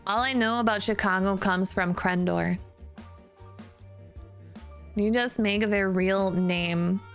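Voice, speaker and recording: A woman's voice: mid-range voice, steady tone, slow, faint music behind. A woman streamer chatting casually with her viewers in a giggly, self-deprecating way, often restarting her sentences.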